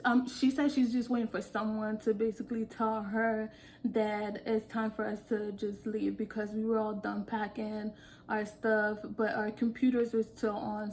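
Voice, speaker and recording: A woman vlogger tells a workplace anecdote in a relaxed, animated storytime style, breaking into laughter now and then. Her voice sits on the higher side. A faint hiss of room noise sits behind her. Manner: animated, laughs often, acts out quotes. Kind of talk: casual storytime.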